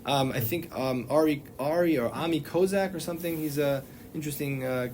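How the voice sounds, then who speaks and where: A man's voice: a little high, fairly quick, a little mellow, a little hiss or hum. Man lecturing with frequent fillers and restarts. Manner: digressive, many fillers and restarts. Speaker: rabbi teaching a class. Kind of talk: informal lecture.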